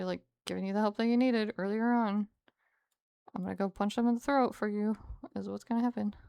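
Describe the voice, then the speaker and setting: A young woman streamer telling a story to her chat in a casual, animated way with frequent laughs. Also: mid-range voice, creaky.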